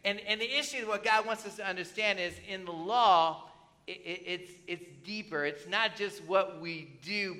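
A pastor preaching a conversational sermon in church, often asking the congregation questions. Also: male voice, high voice, bright, forceful tone. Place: church with slides on a screen.

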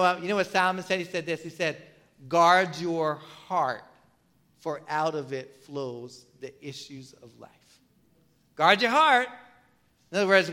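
Bright-voiced man preaching conversationally. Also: sits high. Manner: conversational preaching with rhetorical questions and fillers. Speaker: pastor. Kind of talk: sermon.

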